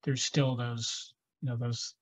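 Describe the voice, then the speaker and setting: A man's voice: mid-range voice, flat delivery, takes it slowly, a bit bright, breathy edge, low-quality recording. A man hosting a podcast in casual conversation, rambling along with many fillers and restarts. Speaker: podcast host.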